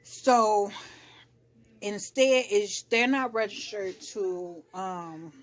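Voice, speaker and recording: Female vlogger, casual recap talk, slangy, animated delivery. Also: mid-range voice, very slow. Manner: chatty, animated, slangy, shifts into quoted voices.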